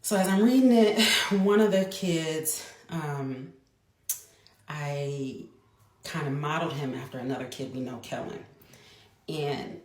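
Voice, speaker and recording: A woman's voice: deep voice, unhurried, darkish tone. A woman in her thirties telling a personal story to the camera in a chatty way, speeding up in bursts and restarting her sentences. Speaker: mother. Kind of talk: casual storytelling vlog. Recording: echoey room.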